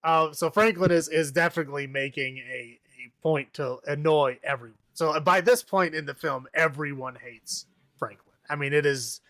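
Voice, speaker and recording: A man's voice: on the high side, moderate pace, pushed and bright, no room sound, clean studio sound. A man casually recapping a horror movie on a podcast, rambling, laughing often and acting out the characters' lines. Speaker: podcast co-host.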